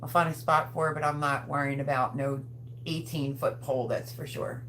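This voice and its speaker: Middle-aged woman, deep speaking voice, easygoing rambling host of a home live chat. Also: steady tone, normal speed, a bit bright, slight background noise. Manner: chatty, rambling, many ums. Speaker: livestream host. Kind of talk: casual live chat reading comments.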